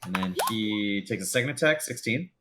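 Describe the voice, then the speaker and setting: A man runs a tabletop game as game master, his voice swinging widely in pitch as he narrates. He sits a little low in tone, rambles through fillers and laughs, and a faint hiss of noise sits behind him. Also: fairly quick. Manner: loose, excitable narration full of fillers and laughs.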